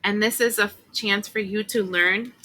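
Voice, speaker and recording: A woman's voice: medium pitch, fairly even intonation, normal speed, sharp tone, low-quality recording. A woman giving a casual, chatty tarot reading, emotional at times, with many fillers and asides. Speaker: tarot reader.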